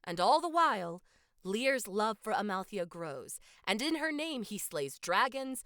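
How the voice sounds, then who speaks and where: A woman co-hosting a podcast, recapping a film's plot in a casual, animated storytelling way. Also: mid-range voice, unhurried, no echo, studio quality. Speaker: podcast co-host. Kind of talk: casual film recap chat.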